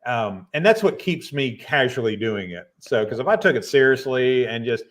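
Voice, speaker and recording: A relaxed man from North Arkansas, chatting as a podcast guest. He rambles in an easygoing way and fills his sentences with "you know" and "um." His pitch sits in the middle range. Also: moderate pace. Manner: laid-back, rambling with many fillers. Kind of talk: casual chat.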